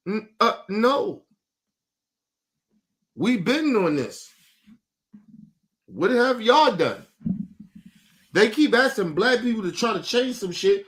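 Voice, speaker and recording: A man's voice: high voice, very animated, slow, long pauses, a bit bright. A man hosting a live stream, ranting bluntly and profanely in casual commentary. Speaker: streamer host.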